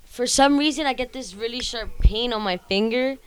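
A woman's voice: on the high side, normal speed, clear, resonant tone. A young woman in casual chat, teasing and slangy. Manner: teasing, slangy, laughs along.

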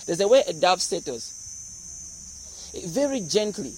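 A man preaching a sermon, animated and humorous as he explains scripture. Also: high-pitched, unhurried, slight background noise, poor audio. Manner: animated, explains verses with humor and acted-out voices. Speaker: pastor.

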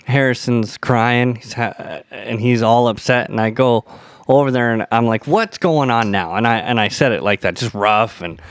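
A man of middle pitch co-hosts a parenting podcast and tells a story about his own kids. He acts out the other people's lines as he goes and laughs along with them. His voice sounds close and dry. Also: moderate pace, smooth, no echo. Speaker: podcast co-host, father. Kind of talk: casual storytelling chat.

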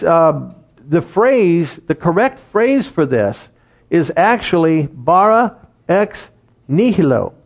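A man preaching a sermon and reading scripture aloud, animated, laughing at his own jokes and slowing down to stress key words. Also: fairly high pitch.

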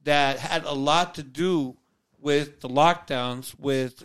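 A man with a somewhat high, smooth, clear voice, co-hosting a podcast. He talks in a loose, chatty way and jokes with the others. It is a casual political conversation. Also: takes it slowly, a bit bright. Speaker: podcast co-host.

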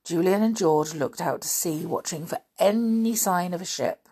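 A woman's voice: on the low side, moderate pace, warm tone. A woman reading a children's adventure novel aloud, with chatty asides. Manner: chatty asides and frequent throat clearing. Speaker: storybook reader.

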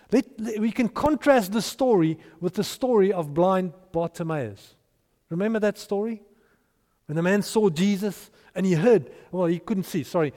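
A man preaching a sermon as pastor, emphatic, sometimes raising his voice when acting out scripture. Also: high-pitched. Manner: emphatic, rising to shouts for quoted voices. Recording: long hall reverb.

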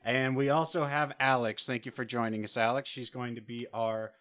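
A man's voice: mid-range voice, flat delivery, moderate pace, music in the background. Upbeat jokey male podcast host. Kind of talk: casual podcast chat.

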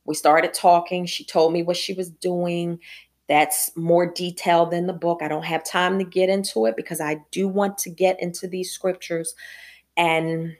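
A woman's voice: fairly low pitch, level tone, normal speed. A middle-aged woman evangelist hosting a devotional podcast, telling personal stories earnestly and building into emphatic preaching.

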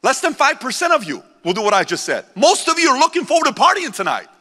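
Man in his 40s, motivational keynote, bright forceful tone, intense and preachy, long convention-hall reverb. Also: very high voice, big pitch swings, fast. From born in Iran, raised in the United States. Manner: intense, preachy, repeats lines for emphasis. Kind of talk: live motivational speech to a crowd. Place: large convention center hall.

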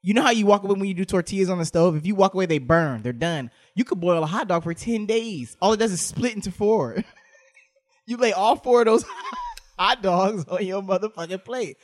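A man co-hosting a casual podcast, joking and ranting in big swings from loud outbursts to low mutters. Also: fairly quick. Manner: animated, jokey rants that swing from loud to muttered. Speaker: podcast co-host.

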